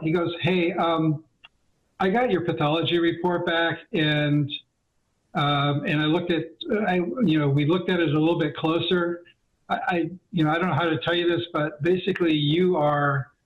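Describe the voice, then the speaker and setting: A middle-aged man telling the story of his cancer diagnosis in an interview, acting out his talks with the doctor in quoted dialogue with many fillers. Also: a little high. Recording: dull lo-fi audio.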